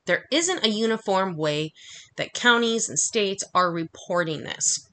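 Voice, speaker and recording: A woman delivering an angry, profanity-laced monologue, talking fast and heatedly. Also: medium pitch, expressive, pushed and bright, a little hiss or hum. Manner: heated, swearing constantly, rapid rant.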